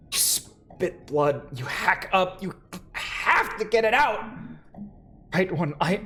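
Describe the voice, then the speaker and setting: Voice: mid-range voice, big pitch swings, takes it slowly, bright, forceful tone, faint music behind. A streamer playing a video game and reading its second-person text aloud in a dramatic, emotive way.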